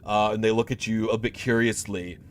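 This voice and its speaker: A man's voice: on the low side, fairly even intonation, brisk, slight background noise. Man narrating as game master, hesitant. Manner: rambling, hesitant, many fillers.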